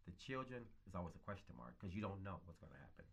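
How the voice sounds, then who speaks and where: A man's voice: low-pitched, big pitch swings, quick pace, vocal fry, fairly bright tone, slightly rough. A man in his fifties, a foster parent interviewed about his life, speaking in an earnest, reflective way and repeating phrases for emphasis. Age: 50s. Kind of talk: casual interview talk.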